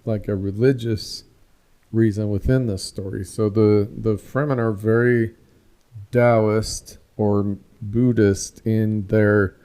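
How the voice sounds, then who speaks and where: A man co-hosting a film podcast, talking in a slow, thoughtful and reflective way with some restarts. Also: lowish voice, steady tone, dark tone, clear, resonant tone. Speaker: podcast co-host. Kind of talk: casual film discussion.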